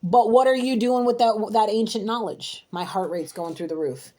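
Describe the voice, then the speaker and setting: Giving an intuitive card reading, this woman gets heated, scolding with emphasis and saying the same things again as she rants on. Her voice is mid-range and warm, at a normal speed.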